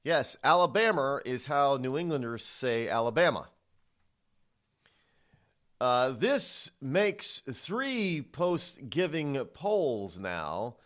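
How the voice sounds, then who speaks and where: Man with a lively, halting delivery. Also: medium pitch. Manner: halting, many restarts and sighs. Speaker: talk show host. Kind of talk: political talk commentary.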